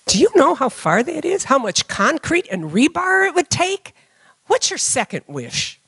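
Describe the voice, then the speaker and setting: A churchgoer doing a lofty, booming God. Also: very animated, measured pace, a bit bright, no room sound, heavily acted. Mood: incredulous.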